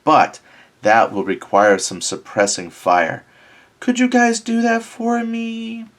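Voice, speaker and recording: A man's voice: extremely high pitch, steady tone, takes it slowly, voice pushed up. A man reading a Soviet lieutenant, mock-grave. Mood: reassuring. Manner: read aloud in his own voice, no accent. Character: male Soviet lieutenant rallying his troops.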